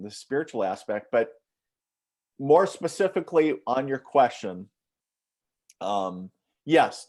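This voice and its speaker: Man from Minnesota, interview guest, rambling storyteller, lots of fillers, mid-pitched voice. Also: darkish tone. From northern Minnesota, USA. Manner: rambling, anecdotal, frequent fillers. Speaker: psychic medium, interview guest.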